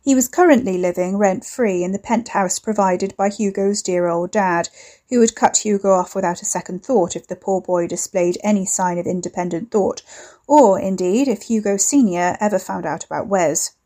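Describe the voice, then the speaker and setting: A woman reading a story aloud in measured, wry scripted narration. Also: medium pitch, mellow.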